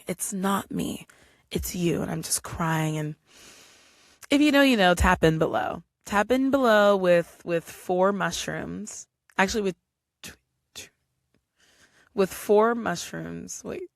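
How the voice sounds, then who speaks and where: A young woman hosts her podcast alone, spinning a personal story in a chatty, animated way. Her voice sits low with a gravelly fry. The sound is dry and close, with no room around it. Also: no room sound. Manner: chatty, animated, acts out quotes. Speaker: podcast host. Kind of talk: casual solo podcast storytelling.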